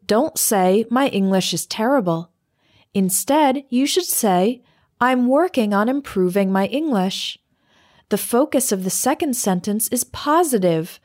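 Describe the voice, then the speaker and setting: A woman reading a scripted English lesson in a clear, measured way, slowing down for the example phrases. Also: a little high, expressive, a little mellow. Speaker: English teacher.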